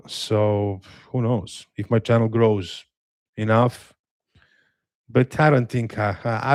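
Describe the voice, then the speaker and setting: A man's voice: mid-range voice, no echo. Slavic accent guy on a livestream reading chat, dry humor, stops and restarts a lot, close dry mic. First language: a Slavic language. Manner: relaxed, self-deprecating, hesitant with restarts and dry humor. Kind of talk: casual live watch-along chat.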